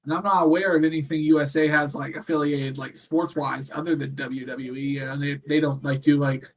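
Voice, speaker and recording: A man co-hosting a laid-back chat about wrestling, his voice sitting a bit higher than most. He rambles from thought to thought and leans on a steady stream of fillers. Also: a little fast. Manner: rambling, filler-heavy, chatty. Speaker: co-host. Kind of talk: casual chat.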